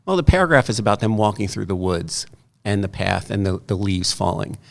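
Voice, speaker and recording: Gravelly, animated middle-aged male storyteller. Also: on the low side, fairly quick. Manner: animated storyteller, quoting others in lively voices. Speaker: guest artist and author. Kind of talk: casual conversation.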